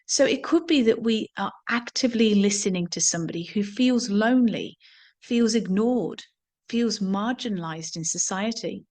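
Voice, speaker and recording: A woman gives a reflective talk on somatic awareness, her voice sitting at an ordinary middle pitch. She speaks earnestly and doubles back on words now and then as she gathers her thoughts. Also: normal speed, a little mellow. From England. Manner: earnest, repeats words while thinking. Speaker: somatics teacher.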